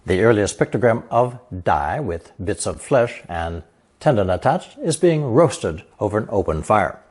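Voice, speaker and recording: Male teacher, lower voice, unhurried scripted lesson delivery, a bit breathy. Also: lively intonation, darkish tone. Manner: slow, measured explanations with example sentences read aloud. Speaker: language teacher.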